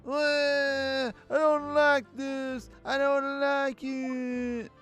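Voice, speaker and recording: A man voicing a timid young French thief who is scared of the dark, with a high, whiny, quavering voice. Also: completely flat delivery, drawn-out words, faint music behind, exaggerated voice. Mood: frightened.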